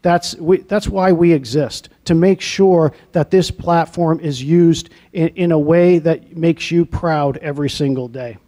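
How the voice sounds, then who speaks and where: A man's voice: fairly high pitch, unhurried, hardly any pauses, warm tone. A middle-aged man from New England, newly named athletic director, giving an earnest press conference speech in an arena lobby and repeating words for emphasis. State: getting emotional at times.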